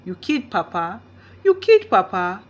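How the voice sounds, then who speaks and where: A woman voicing a middle-aged father who shouts in rage and breaks down in grief. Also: lowish voice, expressive, normal speed. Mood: furious. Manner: shouting, tearful outbursts. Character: middle-aged father, angry then grieving.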